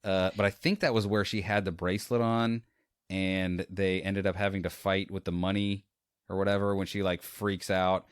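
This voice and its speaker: A man with a fairly low voice talks through a film he just watched, rambling and acting out bits of scenes. He sounds close and dry, in casual podcast chat. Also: moderate pace, smooth, no room sound. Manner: rambling, animated retelling with quoted lines and laughs. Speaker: podcast co-host. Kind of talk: casual movie review chat.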